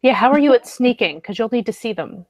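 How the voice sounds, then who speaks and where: A woman's voice: a little high, expressive, fast talker, darkish tone, dry recording, highs cut off. Woman player in a dry, close recording. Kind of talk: casual tabletop game chat.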